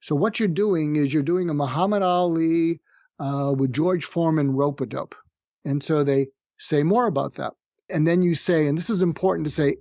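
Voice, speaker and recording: A middle-aged psychiatrist, guesting on a conversational podcast interview, explains conflict techniques in a calm, methodical way with a somewhat high voice, slowing down to act out sample lines. The dry, slightly muffled sound suggests a remote link, and street noise drifts in from outside the room.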